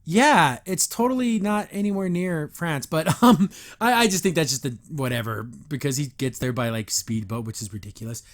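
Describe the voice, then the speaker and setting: A man hosting a podcast, reviewing a cartoon episode in an animated, chatty way, often laughing and restarting. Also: a little high, moderate pace, hardly any pauses. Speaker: podcast host.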